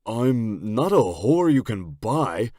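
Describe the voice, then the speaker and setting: A man doing a loud, brash crude biker. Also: on the low side, slow pace, no room sound, studio quality, pitched above the performer's own voice.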